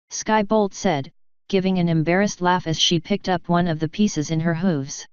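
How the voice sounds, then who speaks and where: A woman reading fanfiction aloud in steady audiobook narration; dull lo-fi recording. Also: on the low side, unhurried, clean tone, dry recording. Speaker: fanfiction reader.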